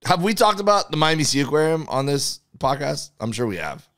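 A comedian co-hosting a podcast in a smooth, clear mid-range voice, recorded close and dry. He trips over words while reading aloud and drops deadpan jokes into relaxed, casual chat. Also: on the high side, brisk, dry recording.

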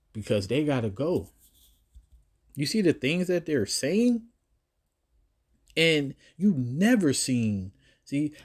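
A man teaching scripture in a casual, slangy preaching style, with emphatic swings in pitch and loudness. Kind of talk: informal preaching.

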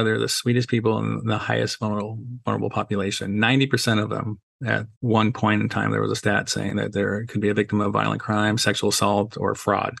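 This middle-aged podcast guest, a safety trainer, tells casual stories full of "you know" fillers and acted-out dialogue. His voice is lowish and fairly bright with vocal fry, and the recording is dry.

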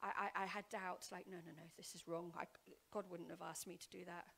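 A woman preaching a heartfelt testimony in church, telling her story earnestly and repeating words as she goes, often sinking to a hushed whisper before building up loud. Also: fairly low pitch, flat delivery, fairly quick, vocal fry. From Wales. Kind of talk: sermon testimony. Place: church hall.

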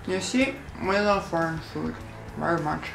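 A woman's voice: fairly low pitch, lively intonation, a little slow, vocal fry. A young Swiss woman with a Swiss German accent, vlogging in a playful, mock-serious way. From Switzerland. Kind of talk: casual sarcastic vlog. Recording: roomy indoor echo, faint music.

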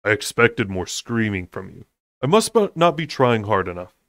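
A soft-spoken, teasing winged fae lord, as a man reading aloud gives him voice. He speaks low and slow, and the sound is close and dry. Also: big pitch swings, dry recording.

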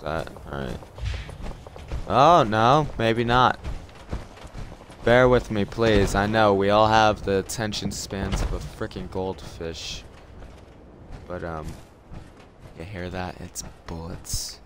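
Swearing, excitable gaming commentator man. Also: fairly low pitch, slow pace, pauses often, noisy background. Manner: profane, excitable, yelling in panic. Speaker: gaming channel host. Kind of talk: let's play commentary. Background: game music.

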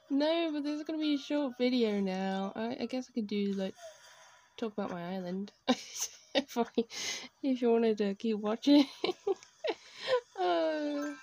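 Excitable, gushing young woman. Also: a little high, slow pace, pauses often, dry recording, highs cut off. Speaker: video game streamer. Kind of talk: casual gameplay commentary. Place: bedroom at home.

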